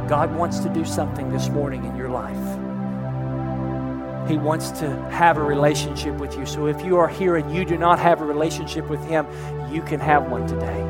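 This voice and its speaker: A man's voice: a little high, moderate pace, over loud music. A man preaching a sermon as pastor, building intensity toward emphatic points.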